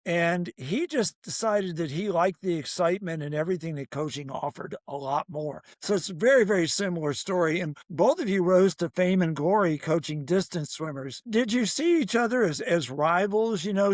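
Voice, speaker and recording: High-voiced male podcast host. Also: normal speed, few pauses, dry recording, studio quality. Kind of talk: interview questions.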